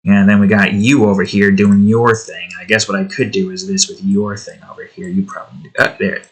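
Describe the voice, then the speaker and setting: A man's voice: on the low side, level tone, a little fast, slightly rough. An American man giving casual, rambling commentary while building a game, joking, swearing and talking to the objects on his screen. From United States. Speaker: hobby game developer.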